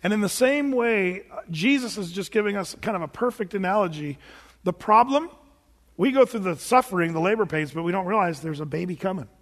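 Man, pastor, high voice, conversational sermon, jokes with the congregation, reverberant church hall. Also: brisk. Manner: conversational and animated, reads scripture aloud, jokes with the congregation. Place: church sanctuary.

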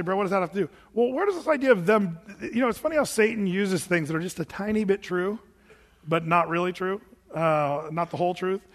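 A man's voice: sits high, a bit bright. An American man preaching a sermon as pastor, in a conversational style full of asides and restarts. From United States. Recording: long hall reverb.

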